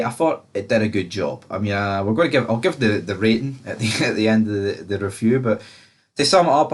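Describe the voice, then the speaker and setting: A man with a Scottish accent reviewing a movie in a rambling casual chat, swearing freely. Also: lowish voice. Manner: rambling, swears freely, frequent fillers and restarts.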